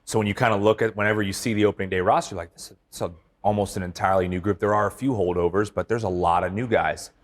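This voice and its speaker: A middle-aged man, a baseball team manager, talking casually in an interview, relaxed and rambling with many fillers and restarts. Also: on the low side, quick pace.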